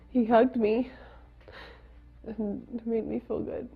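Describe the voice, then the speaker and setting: A young woman giving a personal testimony, speaking in a halting, emotional way with pauses and restarts. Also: a little high, flat delivery, creaky, slightly rough. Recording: dull lo-fi sound with faint music.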